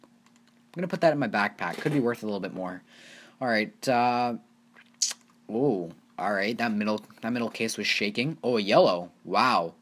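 A man hosting his own gaming channel, giving casual, rambling gameplay commentary and getting excited over small wins. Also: lowish voice, moderate pace. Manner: rambling, easily excited, talks to viewers as "you guys".

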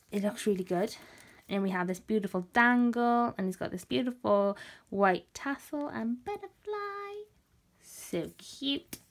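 Gushing woman unboxing craft mail. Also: medium pitch. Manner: gushing, gasping with delight. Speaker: craft vlogger. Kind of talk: casual unboxing chat.

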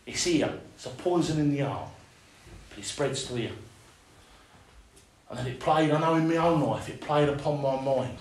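Earnest male preacher with a raised pitch, delivering an impassioned sermon in a reverberant room. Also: normal speed, darkish tone, slight background noise. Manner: earnest, rising to impassioned, with everyday dialect grammar. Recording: echoey room.

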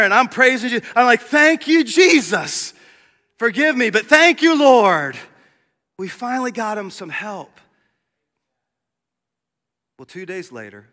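A male pastor preaching a sermon, telling a story with lively acted-out dialogue. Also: sits high, long reverb tail. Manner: animated storyteller, acts out dialogue. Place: church sanctuary.

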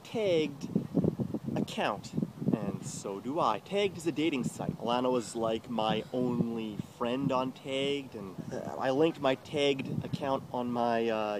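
A man spins a rambling personal story with a very lively, jumpy pitch, swearing constantly. Loud background noise runs under the recording. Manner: swears constantly, acts out quotes in high voices. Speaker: interviewee telling a personal story. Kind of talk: profane animated storytelling.

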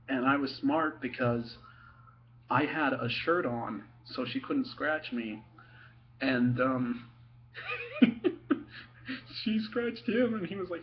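A young man telling stories about his father, laughing often and pausing with many ums and restarts. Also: medium pitch, muffled recording, a little hiss or hum. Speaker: son telling family stories. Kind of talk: casual storytelling to camera.

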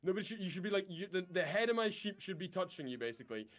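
A man's voice: high voice, very animated, very fast. A man in game voice chat, leading his squad with bossy drill-sergeant orders. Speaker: player leading a unit in voice chat.

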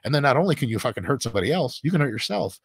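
A middle-aged man, a guest expert, talking in a fast, emphatic and profane way in a casual discussion. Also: mid-range voice, very animated, breathy edge, no echo, clean studio sound. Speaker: guest expert on muscle training.

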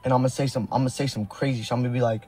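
Nervous young prankster from Sacramento. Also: male voice, medium pitch, fairly even intonation, rapid-fire, warm tone, slightly rough, faint music behind. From Sacramento area, California. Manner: nervous, swearing oaths, slangy. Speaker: prank video maker streaming live. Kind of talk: excited live-stream talk to chat.

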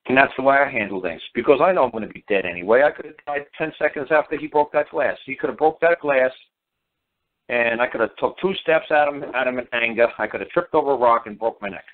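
A man's voice: medium pitch, fast. A middle-aged man telling stories in a rambling, casual way, repeating words and acting out quoted dialogue. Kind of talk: casual storytelling talk. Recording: tinny phone-line sound.

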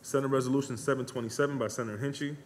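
A man reading legislative business aloud in a brisk, monotone clerical manner. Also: medium pitch. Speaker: Senate secretary. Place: large legislative chamber. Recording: reverberant chamber with faint ambience.

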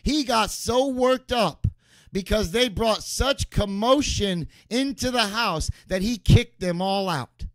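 A man's voice: high voice, takes it slowly, no room sound. A man preaching a sermon as pastor, emphatic and repeating key phrases for stress.

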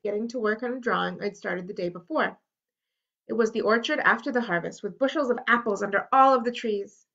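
Woman reading a children's story aloud. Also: medium pitch. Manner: lively storytelling with character voices. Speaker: library read-aloud host. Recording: dull lo-fi recording.

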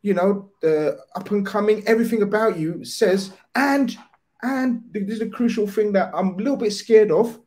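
Man, high voice, animated storyteller, swears a lot, football chat guest. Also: normal speed.

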